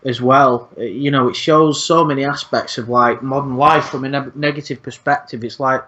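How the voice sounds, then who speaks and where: A man talks casually as a channel host, rambling from thought to thought and swearing freely. His voice sits at an ordinary middle pitch. The recording sounds dull and lo-fi. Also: fairly even intonation, moderate pace, pushed and bright. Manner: rambling, frequent swearing, repeats words. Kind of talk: casual podcast chat.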